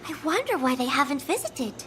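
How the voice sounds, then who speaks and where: Casting note: a gentle, kind young game heroine with a high, lively voice, unhurried and soft-spoken, faint noise behind. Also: female voice, poor audio. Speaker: game character. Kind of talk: video game voice acting.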